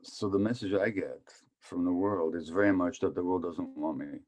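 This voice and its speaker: Low-voiced man in his seventies. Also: fairly even intonation, normal speed, darkish tone. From Hungary. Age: 70s. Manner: conversational, asks the audience questions. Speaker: physician speaker. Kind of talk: public talk on trauma.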